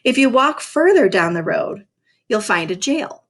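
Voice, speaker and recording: A woman's voice: fairly high pitch, big pitch swings, measured pace, a bit bright. A woman reading a first-person novel aloud in a dry, sarcastic voice, stopping now and then to talk to her listeners about it. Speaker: reader.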